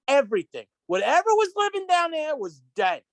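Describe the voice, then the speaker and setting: A man as a podcast guest, telling stories in an excitable, rambling way, full of restarts and acted-out quotes. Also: very high voice, a little fast, no echo. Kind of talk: casual storytelling chat. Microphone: podcast microphone.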